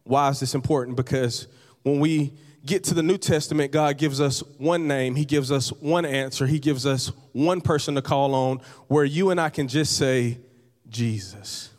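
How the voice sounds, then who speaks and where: A man's voice: medium pitch, moderate pace, a little mellow. A man pastor preaching a sermon to his congregation, conversational, with repeated phrases and light humor. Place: church hall. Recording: long reverb of a large hall.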